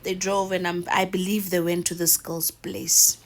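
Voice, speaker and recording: Animated South African woman telling gossip. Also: fairly low pitch, moderate pace. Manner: animated, dramatic, acts out quotes; mixes in isiZulu words. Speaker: storyteller. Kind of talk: casual gossip storytelling.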